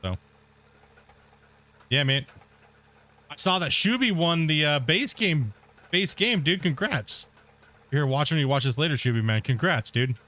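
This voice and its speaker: A man's voice: on the high side, lively intonation, measured pace, long pauses, bright, forceful tone. Chatty male gaming streamer. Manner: chatty, talks straight to viewers in chat, frequent laughter. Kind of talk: casual livestream chat.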